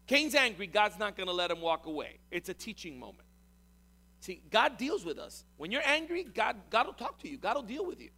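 A man preaching a sermon as pastor, animated and conversational, often repeating words and speaking directly to the congregation. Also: high voice.

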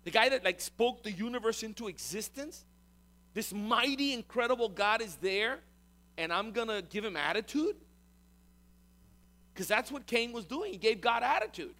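Animated, bright-voiced male pastor preaching. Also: high-pitched, normal speed. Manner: animated, repeats words, addresses congregation. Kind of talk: sermon.

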